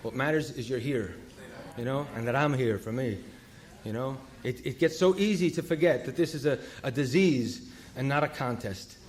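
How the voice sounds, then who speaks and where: A man speaking at a recovery meeting, telling a story in a halting way, full of fillers and self-corrections, with wry self-deprecating humor. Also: mid-range voice.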